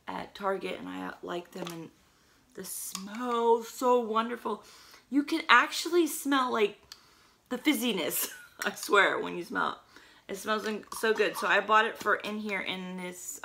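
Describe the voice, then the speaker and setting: Hoarse, chatty middle-aged woman vlogger with a gravelly, bright voice, casual haul talk. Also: medium pitch, slight background noise. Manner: chatty, rambling with fillers.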